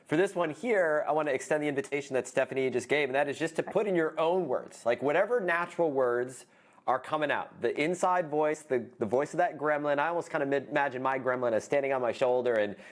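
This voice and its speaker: A man co-hosting a live online coaching workshop, talking in a relaxed way with lots of "uh" and "um". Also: on the high side, quick pace. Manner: relaxed, many "uh" and "um" fillers. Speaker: co-host of a business coaching webinar.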